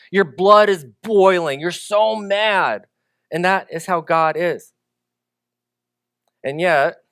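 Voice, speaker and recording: A man preaching a sermon as pastor, animated, acting out quoted dialogue and swinging between loud emphasis and quiet reflection. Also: medium pitch, no echo, clean studio sound.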